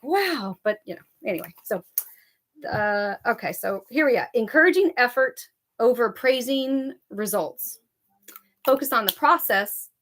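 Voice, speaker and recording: A woman's voice: medium pitch, a bit bright. A woman co-hosting a casual podcast, chatty and scattered, often interrupting herself and laughing. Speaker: podcast co-host.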